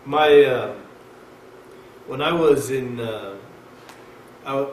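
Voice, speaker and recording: A man giving a conversational sermon at a mosque, lecturing in an emphatic, animated way. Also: mid-range voice, slow pace. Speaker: mosque speaker. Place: mosque hall. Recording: echoey hall, mic far off, faint hiss.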